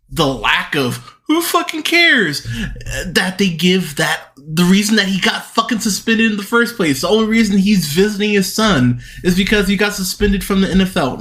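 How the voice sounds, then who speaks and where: A man's voice: high voice, sharp tone. A man hosting a movie podcast, ranting profanely and with exasperation about bad films, often restarting his sentences. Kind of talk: solo movie review rant.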